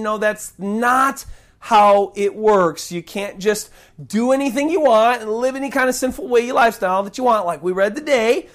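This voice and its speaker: A man's voice: high-pitched, measured pace, a bit bright. A man preaching a sermon with an impassioned, conversational delivery and folksy asides, sometimes acting out prayers and other voices.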